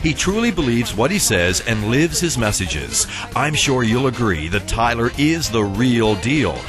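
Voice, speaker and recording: A man's voice: mid-range voice, very animated, measured pace. A man reading a scripted promotional voice-over in a polished announcer manner. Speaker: promo narrator. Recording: voice-over over loud music.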